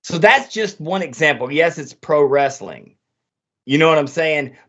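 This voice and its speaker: A podcast host with a fairly high, fairly bright voice talks at a measured pace in casual conversation. He speaks emphatically and swears a lot, and the audio sounds dull and lo-fi.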